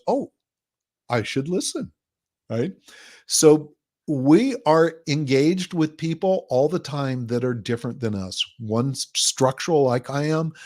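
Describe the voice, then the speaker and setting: A man of ordinary pitch speaking as a guest on a talk show. He explains his ideas at length and livens up his voice to act out what other people say. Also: darkish tone. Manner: explains at length, acts out quoted people in a livelier voice. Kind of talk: conversational podcast interview.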